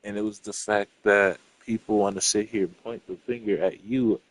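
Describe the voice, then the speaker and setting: A man's voice: fairly low pitch, fairly even intonation, normal speed, rough recording. A young man in a casual, rambling rant, profane and irritated as he tells what happened between him and his friends. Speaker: storyteller venting to a friend.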